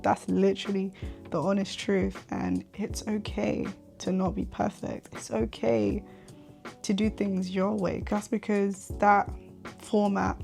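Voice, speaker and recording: A woman's voice: mid-range voice, little pitch movement, slow pace, vocal fry, darkish tone, faint music behind. A young woman in her twenties hosting a faith podcast, speaking earnestly and candidly and often repeating herself for emphasis. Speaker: podcast host.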